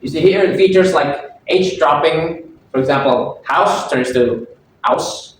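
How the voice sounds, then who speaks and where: A man's voice: on the high side, slight background noise. Young man presenting, far off in an echoey room. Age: young adult. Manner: halting, many fillers and self-corrections. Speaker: student presenter. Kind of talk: class presentation.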